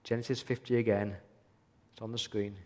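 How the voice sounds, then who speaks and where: A man's voice: lowish voice, little pitch movement, a little fast, a little mellow. A man preaching a sermon as a pastor, earnest and pleading, asking many questions of his listeners. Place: church hall. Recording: long hall reverb.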